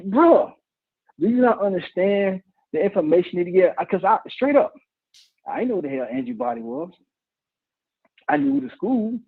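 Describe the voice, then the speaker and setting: A man's voice: sits high, big pitch swings, moderate pace, pauses often, husky. Fired-up man calling in on a phone line. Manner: emotional, blunt, swears, rambling restarts. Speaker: caller. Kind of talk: heated call-in rant. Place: office cubicle.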